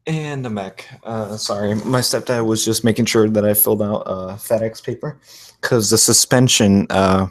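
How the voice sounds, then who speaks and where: A man's voice: on the low side, normal speed. A man hosting a casual live stream, explaining things in an easygoing way with frequent fillers.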